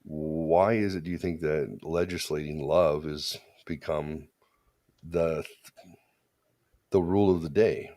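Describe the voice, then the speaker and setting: A very low-voiced man holds forth on a podcast. He talks casually, is blunt and crude, and often restarts his sentences as he goes. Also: steady tone, takes it slowly, pauses often, dark tone. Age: adult parent. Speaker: podcast co-host. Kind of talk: casual opinionated chat.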